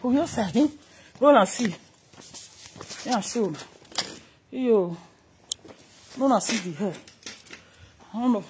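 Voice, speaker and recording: A woman's voice: medium pitch, slow, long pauses, darkish tone, slight background noise. A woman with a Nigerian Pidgin accent, casually chatting on a livestream, reading out viewer comments and laughing often. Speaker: livestream host.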